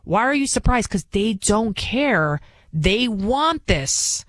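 A woman's voice: medium pitch, big pitch swings, takes it slowly, no echo. A woman political commentator talking in an indignant, emphatic way, firing off rhetorical questions and repeating her points. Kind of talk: opinion monologue.

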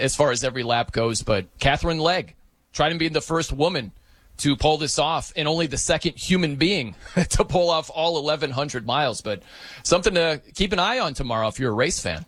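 A man hosting sports talk, animated and joking, laughing as he riffs on the news. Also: fairly high pitch, no echo. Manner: animated, joking, breaks into mock announcer voices. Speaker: sports radio host.

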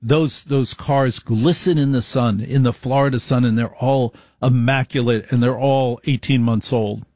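A man's voice: medium pitch, steady tone, darkish tone, dry recording, clean studio sound. Emphatic middle-aged man telling a story. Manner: emphatic and repetitive, slows down to stress points. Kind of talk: storytelling monologue.

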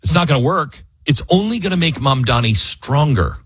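A man hosting opinionated political talk radio, emphatic and animated, who mockingly acts out what others say. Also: on the high side, moderate pace, husky, no echo.

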